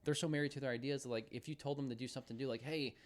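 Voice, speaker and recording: A man's voice: medium pitch, steady tone. A man in his thirties co-hosting a podcast, chatting casually and acting out what others say. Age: 30s. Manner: quick, rambling, acts out quotes. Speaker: podcast co-host. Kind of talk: casual chat.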